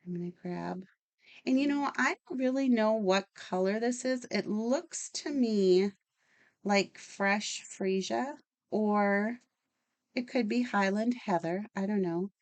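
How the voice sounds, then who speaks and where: A woman's voice: medium pitch, slow pace, a little mellow. A woman hosting a casual card-making tutorial, chatty and enthusiastic as she works. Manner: chatty, enthusiastic, talks while working. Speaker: craft channel host.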